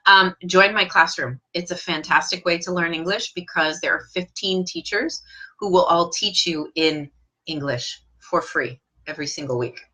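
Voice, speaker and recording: A woman teaching an online English lesson, reading out viewer comments and asking direct, encouraging questions with lively jumps in pitch. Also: moderate pace.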